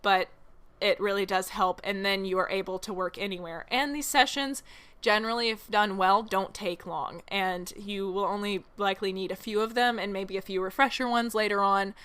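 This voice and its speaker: A woman's voice: mid-range voice, moderate pace, fairly bright tone, clear, resonant tone. A woman hosting a solo podcast, teaching horse training in a chatty way, laughing often and making self-mocking asides.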